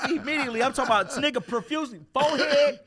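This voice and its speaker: A man, a comedian, telling stories in a casual interview, animated and laughing, shouting at punchlines and dropping low and quiet when reflective. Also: quick pace, a crowd in the background. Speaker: comedian guest.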